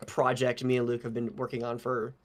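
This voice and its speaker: A man's voice: mid-range voice, completely flat delivery, fairly quick. A young man co-hosting a podcast in casual chat, joking, teasing and swearing freely. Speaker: podcast co-host.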